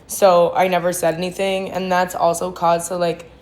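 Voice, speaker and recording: Speaking straight to camera, a woman shares her sobriety testimony as a vlogger, blunt and slangy, swearing freely and rambling with restarts and plenty of "like." Her voice is on the low side and darkish, with a level tone at a moderate pace.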